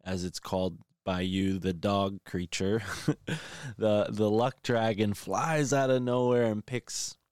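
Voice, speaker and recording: Man, low voice, casual rambling recap, dry close sound. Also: fairly even intonation, takes it slowly, a little mellow, smooth, no echo. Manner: rambling, many fillers and restarts. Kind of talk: casual film recap chat.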